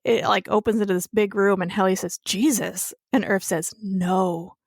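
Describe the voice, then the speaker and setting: Speaking fast in a gravelly, mid-range voice with a steady tone, this young woman co-hosts a podcast and retells a TV episode casually, with lots of swearing. The studio-quality recording has no echo.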